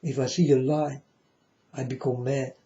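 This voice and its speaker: A self-styled religious speaker preaches to viewers in a dark, flat, medium-pitched voice, unhurried yet insistent. He repeats himself and calls his listeners "folks," all on a dull lo-fi recording.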